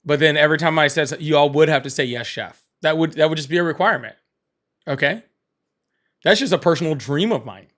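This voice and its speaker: A man's voice: a little high, fairly quick, a bit bright. A man hosting a casual livestream, rambling, repeating himself and laughing often. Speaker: livestream host.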